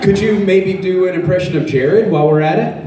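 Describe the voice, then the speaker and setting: A man's voice: high-pitched, brisk. A man chatting on stage in casual banter, teasing his partner and trailing off as he goes. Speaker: convention panel guest. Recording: echoey hall from far off, noisy.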